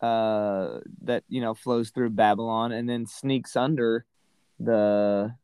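A man with a fairly low voice talks through a scripture passage in a loose, conversational way. He circles back and restarts his thoughts, dotting them with "right?" and "you know". The sound is dry and close, with no room around it. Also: steady tone, slow pace, darkish tone, clean tone, no room sound, low-quality recording. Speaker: Bible study podcast co-host. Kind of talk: casual scripture discussion.

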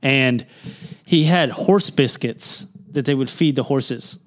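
A man's voice: medium pitch, takes it slowly. A young man co-hosting a podcast, telling loose, profane stories full of "like" in casual chat. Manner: loose, profane storytelling with lots of "like". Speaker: podcast co-host.

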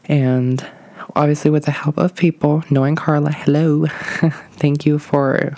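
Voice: mid-range voice, level tone, a little slow, warm tone, no room sound. A young adult podcast host talking casually on their own, nervous and out of breath, rambling with lots of fillers and hedges. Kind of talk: casual solo podcast monologue.

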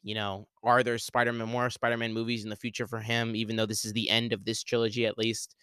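A man's voice: lowish voice, completely flat delivery, quick pace, sharp tone, smooth, dry recording. A young man hosting a podcast alone, rambling through a casual spoiler talk with many fillers and restarts. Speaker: podcast host.

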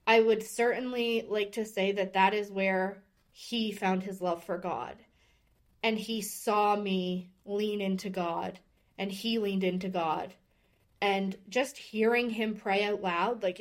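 Speaking slowly in a steady, mid-range voice, a podcast guest in her thirties shares a personal story, earnest and openly emotional in her candor.

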